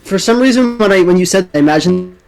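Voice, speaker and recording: A man's voice: high-pitched, expressive, quick pace, over music. A man who makes videos, chatting as a guest on a stream in a wry, meandering way. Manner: wry, meandering, laughs mid-sentence. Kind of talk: casual chat.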